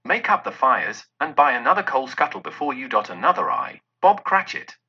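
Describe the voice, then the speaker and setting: A man's voice: medium pitch, very animated, normal speed, husky. A man voicing a reformed old miser, hearty and exclaiming, in a storybook reading. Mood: jubilant. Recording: dull lo-fi recording.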